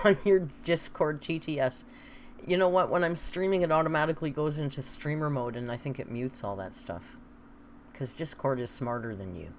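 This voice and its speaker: A woman's voice: low-pitched, a little hiss or hum. A woman chatting casually on a live stream, reading viewer comments aloud and laughing often.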